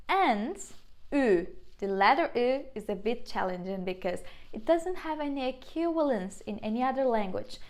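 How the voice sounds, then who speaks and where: A young woman with a Turkish accent, teaching a beginner lesson on how to pronounce vowels, slowly repeating each sound. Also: fairly high pitch. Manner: slow, patient, repeats sounds, exaggerated mouth demonstrations. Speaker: language teacher.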